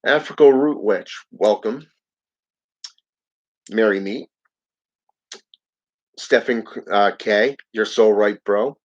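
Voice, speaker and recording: A man with a lowish voice talks at an unhurried, drawn-out pace, working through viewer comments on his channel and chuckling between them. The sound is dull and lo-fi. It has the loose feel of a casual live stream. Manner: chuckles often, reads comments aloud slowly. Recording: dull lo-fi audio.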